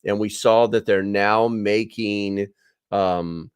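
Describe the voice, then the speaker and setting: A fairly low-voiced man talks casually on a livestream, reading out chat comments and answering them. He fills his talk with ums and calls viewers bro and dude. The sound is dry and close. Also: fairly even intonation, slow, clear, resonant tone, dry recording.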